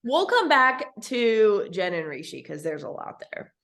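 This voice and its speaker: Woman co-host from Texas, casual animated podcast chat, mid-pitched voice. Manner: animated, laughs often, quick asides.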